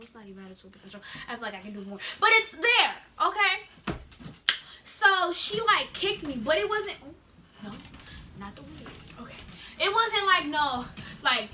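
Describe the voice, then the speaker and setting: A teenage girl telling a story in a casual, animated way, acting out the scenes with sound effects. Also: sits high, normal speed, slight background noise. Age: teens. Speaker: vlogger.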